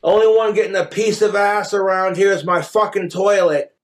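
A man from Wyoming with a notably high voice, rambling from one crude joke to the next. He talks in a loose livestream monologue, swearing freely. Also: fairly even intonation, moderate pace, a little hiss or hum. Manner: profane, rambling joke-telling.

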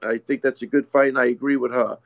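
An easygoing man from the US East Coast co-hosting a fight talk show, mostly agreeing with short replies. His voice is gravelly with some vocal fry. The audio is dry and a little dull, like a lo-fi remote feed. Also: mid-range voice, flat delivery, fast, dry recording. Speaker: podcast co-host. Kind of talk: casual sports chat.

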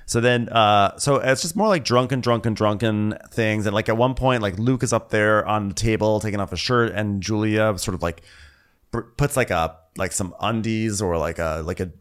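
A man co-hosting a comedic reality TV recap, dry and wry, slipping into high mocking voices to quote people. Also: normal speed, clear, resonant tone. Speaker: podcast co-host.

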